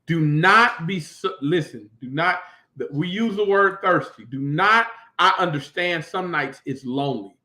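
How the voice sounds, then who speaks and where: A man's voice: fairly high pitch, lively intonation, unhurried, sharp tone. A man preaching a sermon as pastor, building emphasis with repeated phrases. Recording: echoey room.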